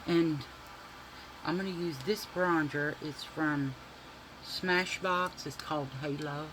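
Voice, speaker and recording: A man telling a profane, animated childhood story to his viewers while doing makeup. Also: fairly high pitch, slow pace, noisy background. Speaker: beauty vlogger.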